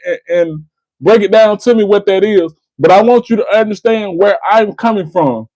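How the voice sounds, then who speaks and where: A man's voice: high voice, normal speed, darkish tone, no room sound, poor audio. A man, hosting a call-in debate and lecturing the caller. He keeps repeating the caller's name and restarting his words. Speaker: host of a call-in debate stream. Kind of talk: argumentative call-in discussion.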